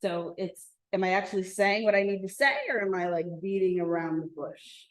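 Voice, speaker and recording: A woman leading an interactive communication workshop for a live group, acting out example lines with lively emphasis. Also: mid-range voice, moderate pace. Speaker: workshop facilitator. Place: room with live audience. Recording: echoey room.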